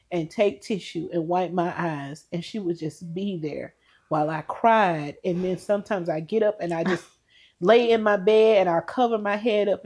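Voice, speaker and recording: A woman's voice: on the low side, darkish tone. Earnest woman telling a tearful story. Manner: earnest, emotional storyteller with faith talk. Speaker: podcast co-host. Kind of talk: heartfelt casual chat.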